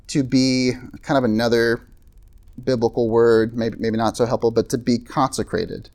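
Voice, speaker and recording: This man's medium-pitched, slightly mellow voice carries an evening sermon for a campus group. A pastor, he keeps things casual and chatty, sprinkling in asides and fillers such as "like" and "right?"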